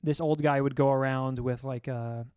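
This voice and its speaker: A man's voice: mid-range voice, fairly even intonation, moderate pace, a little mellow, clear, resonant tone, no echo, clean studio sound. A young man co-hosting a casual podcast chat, telling rambling stories and swearing often. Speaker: podcast co-host.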